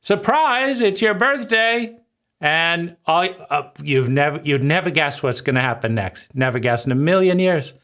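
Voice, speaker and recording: A man's voice: a little high, moderate pace, few pauses, a bit bright. A man giving a reflective spoken lecture, who asks himself questions, answers them, and keeps checking in with "right?". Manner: conversational, keeps asking "right?". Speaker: speaker giving a talk.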